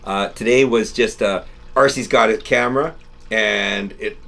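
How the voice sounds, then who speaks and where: A middle-aged man hosting a car channel, telling rambling, animated stories in casual chat to camera. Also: fairly low pitch, unhurried, creaky. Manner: rambling, animated storytelling with restarts. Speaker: channel host. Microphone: camera-mounted mic, no lapel.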